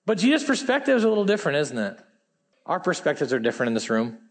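A man's voice: fairly high pitch, huge pitch swings, fast talker. A man in his forties, a pastor preaching a sermon on stage in a church, reading scripture aloud and adding emphatic, conversational asides. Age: 40s.

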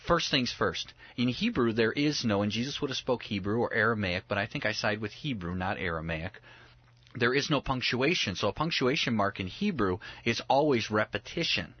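A man giving conversational Bible teaching, emphatic and animated, acting out little scenes with humor. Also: on the low side, brisk, husky, dull audio.

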